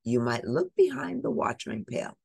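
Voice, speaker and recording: A woman voicing a kind, plump little fairy godmother in a storybook, gentle and a bit fussy. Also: high voice, wildly swooping pitch, moderate pace, gravelly, breathy edge, no echo, voice pushed up, exaggerated voice. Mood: kindly.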